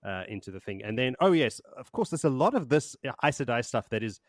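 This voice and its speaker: A man's voice: medium pitch, sing-song, fast, no room sound, studio quality. A man hosting a podcast, chatting casually and rambling as he recaps a book, laughing and swearing now and then. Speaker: podcast host.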